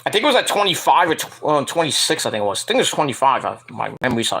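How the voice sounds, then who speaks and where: A man's voice: mid-range voice, sing-song, very fast, vocal fry, a bit bright, husky. A man hosting a casual wrestling news show, rambling and profane, laughing at his own jokes. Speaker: podcast host.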